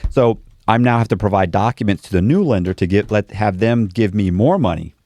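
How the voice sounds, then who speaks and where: A man's voice: fairly low pitch, a little fast, no echo. A man being interviewed, telling a long story in a casual way and acting out the voices of the people in it. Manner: animated storyteller, acts out quoted dialogue. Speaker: interview guest.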